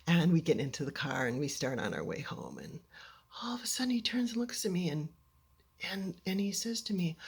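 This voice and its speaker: A woman telling a personal story to an audience in an animated, dramatic way, often dropping into hushed near-whispers. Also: fairly low pitch, a little fast, breathy edge.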